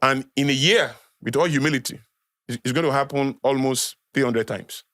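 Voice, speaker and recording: A man's voice: mid-range voice, normal speed, fairly bright tone, dry recording. A man with a Nigerian accent, a podcast guest lecturing in a conversational way, repeating key phrases for emphasis. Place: podcast studio.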